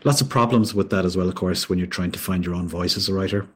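A man's voice: sits low, fast, fairly bright tone, slightly rough. An Irish man, a guest author, talking wryly in an interview and reading his story aloud. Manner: wry, rambling, mischievous.

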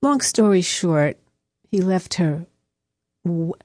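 Lady radio host spinning yarns on air, low-ish mellow voice, dry studio sound. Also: expressive, slow, dry recording. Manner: chatty, anecdotal, rambling with restarts. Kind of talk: storytelling on live radio. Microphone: studio microphone.

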